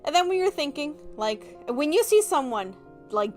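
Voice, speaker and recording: A woman's voice: high-pitched, very animated, moderate pace, a little mellow, faint music behind. A young woman chatting casually on a livestream, bubbly and giggly, acting out little reactions. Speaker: vtuber streamer.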